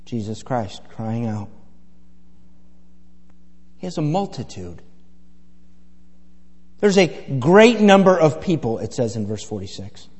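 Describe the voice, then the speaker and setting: A man's voice: mid-range voice, sing-song, slow pace, long pauses, darkish tone, slightly rough. A middle-aged man preaching a sermon in a folksy, rambling storytelling way full of fillers. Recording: echoey hall with long reverb.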